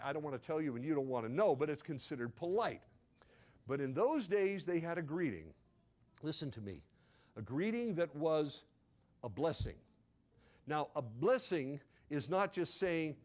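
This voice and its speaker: High-voiced man telling a sermon story. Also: normal speed. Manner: animated, acts out scenes in first person. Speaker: pastor.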